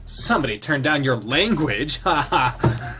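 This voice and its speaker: A man's voice: a little high, expressive, measured pace, music in the background. Man doing a chiding, prim lynx man from a visual novel, upbeat and proper. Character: prim cheerful adult male lynx. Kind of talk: visual novel read-aloud.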